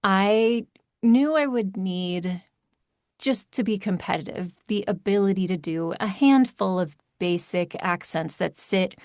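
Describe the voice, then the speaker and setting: Chatty american lady narrator from maryland, talks fast with lots of asides, dry mic. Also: mid-range voice, no room sound. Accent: General American. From Maryland, USA. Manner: chatty, animated, quick asides. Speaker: audiobook narrator guest. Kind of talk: casual interview chat.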